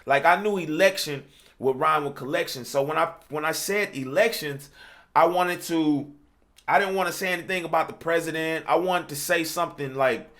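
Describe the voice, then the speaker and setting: This rap coach's voice is fairly high and a bit bright, and he keeps a moderate pace. He casually teaches how he writes verses, loosely chatting with lots of "you know what I'm saying" and rapping examples along the way.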